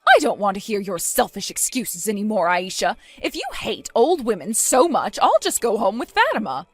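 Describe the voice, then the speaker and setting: A woman's voice: medium pitch, moderate pace, faint music behind. A woman voicing a stern, disappointed mother. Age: 50s. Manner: calm, stern, reproachful.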